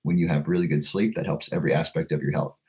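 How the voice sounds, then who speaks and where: A man's voice: a bass voice, steady tone, fast talker, darkish tone. A man hosting a casual livestream, reading out viewer comments and answering them in a chatty way, often restarting and repeating words. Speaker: livestream host selling a supplement.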